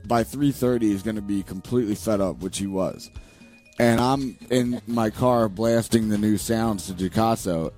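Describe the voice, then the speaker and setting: A man with a mellow, warm voice spins a rowdy, profane story on a casual talk show. He acts out every back-and-forth with lively quoted voices, with faint music playing underneath. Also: mid-range voice.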